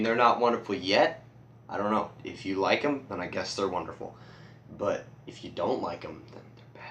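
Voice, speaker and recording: A man's voice: low voice, fairly bright tone. A teenage boy vlogging in a casual, rambling, goofy way, his voice cracking now and then. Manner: rambling, goofy, self-deprecating. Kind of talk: casual rambling show-and-tell. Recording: echoey room, far from mic, faint hiss.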